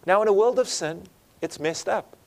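Earnest male preacher, fairly high voice. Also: normal speed, gravelly, a little mellow. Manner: earnest, asks the congregation for amens. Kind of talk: sermon.

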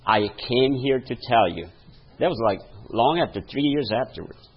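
A man's voice: mid-range voice, expressive, normal speed, highs cut off, slight background noise. A male pastor preaching a sermon, telling a story and laughing at his own stories, calling out to the congregation for a response. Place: church.

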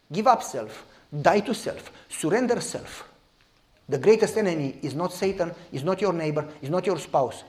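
A man preaches a sermon, moving between loud exclamations and hushed asides and acting out the voices of people in his stories. His voice sits on the high side, with lively intonation at normal speed.

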